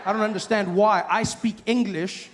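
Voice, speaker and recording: Man, stand-up comedian, high voice, storytelling, acts out voices, faint background noise. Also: fairly even intonation, normal speed, in a large hall. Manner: storytelling, acts out other people's voices, loud high outbursts.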